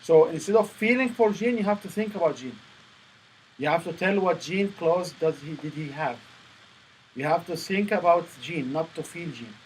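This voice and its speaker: A man coaching a student on stage presentations, speaking in halting phrases with many restarts. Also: fairly high pitch, animated, slight background noise, rough recording. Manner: non-native phrasing, repeats and restarts. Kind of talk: coaching session.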